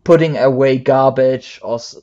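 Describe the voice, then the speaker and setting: A man from Germany with a German accent, chatting casually on a stream, animated and full of fillers and restarts. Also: medium pitch, moderate pace, lo-fi sound. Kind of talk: casual chat.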